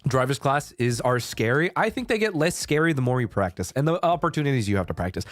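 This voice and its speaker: With a mid-range voice and no room sound, a young VTuber streamer talks loosely and playfully on his stream. He swears freely, laughs frequently, and keeps restarting his thoughts.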